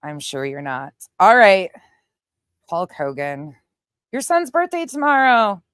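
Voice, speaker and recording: A woman's voice: medium pitch, very animated, measured pace, pauses often, no echo, clean studio sound. A middle-aged woman with a Southern US accent, chatting casually on a livestream and reading out viewer comments, laughing often and swearing now and then. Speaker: livestream host.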